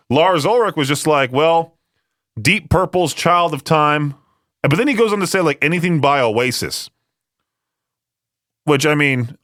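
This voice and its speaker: A man's voice: mid-range voice, fairly bright tone, clear, resonant tone, no room sound. A man, hosting a radio show in a chatty, rambling, self-amused way. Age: late 20s. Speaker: radio host. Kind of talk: casual radio talk. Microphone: studio microphone. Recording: dry close studio sound.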